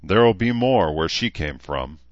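A man reading a cruel, brutish male gang leader in a loud, taunting, threatening manner for an audiobook. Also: deep voice, lively intonation, measured pace, dry recording, dull audio.

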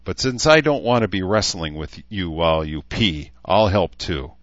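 A man voicing a brisk, dry middle-aged woman doctor. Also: sits low, expressive, a bit bright, dry recording, lo-fi sound, pitched above the performer's own voice.

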